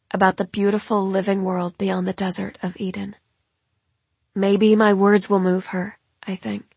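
A woman narrating a first-person novel in a measured, dramatic storytelling manner. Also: mid-range voice, gravelly, darkish tone, slightly rough, no room sound. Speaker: audiobook narrator.

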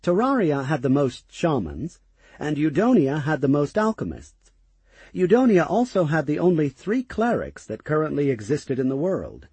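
A male audiobook narrator with a dark, mellow and somewhat husky voice. He reads in the first person with lively, varied intonation. The recording is dry and close. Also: on the high side, normal speed, no room sound.

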